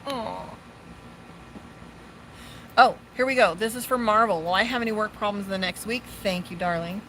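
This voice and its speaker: A woman's voice: mid-range voice, fast talker, fairly bright tone, a little hiss or hum. A woman from Las Vegas doing a casual live-streamed tarot reading outdoors by a pool. She is chatty and swears freely, and she breaks off to talk to her dog. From Las Vegas, USA. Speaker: tarot reader and psychic.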